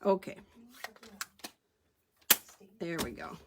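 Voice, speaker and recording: Very slowly, over a very noisy recording, a woman leads a chatty card-stamping craft demo, voicing her thoughts as she goes along.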